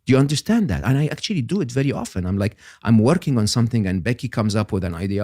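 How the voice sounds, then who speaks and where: An older man, a guest on an interview podcast, explaining ideas in an animated, emphatic way and often checking in with "okay?". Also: lowish voice, quick pace, few pauses, dry recording, clean studio sound.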